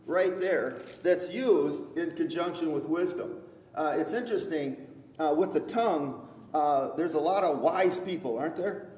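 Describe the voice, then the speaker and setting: A male pastor delivers a sermon at an unhurried pace, stopping often on fillers and restarts, with a light conversational humor. His voice sits a little high for a man. The sound is roomy and carries a long church reverb, picked up by a distant mic. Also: a little mellow. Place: church sanctuary. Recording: echoey hall, distant mic.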